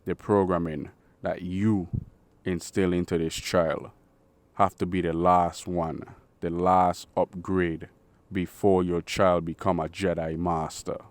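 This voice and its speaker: A man's voice: low-pitched, little pitch movement, takes it slowly, no echo. A man delivering a blunt, profane, preachy opinion monologue as a channel host.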